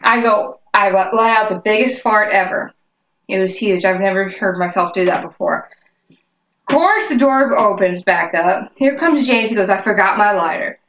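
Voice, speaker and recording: A woman's voice: medium pitch, normal speed, a bit bright, dull audio. A young woman telling a funny personal story in casual chat, acting out what people said, on a laptop mic at home. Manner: laughing anecdotes, acts out quotes. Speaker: guest, co-host's partner. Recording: roomy laptop mic with faint noise.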